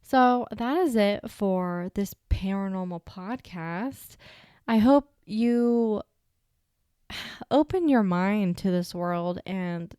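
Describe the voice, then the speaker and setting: Chatty young woman with a smooth voice. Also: medium pitch, slow, dark tone, dry recording, studio quality. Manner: chatty, rambling, with many "like" fillers. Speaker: podcast host. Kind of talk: casual solo podcast storytelling.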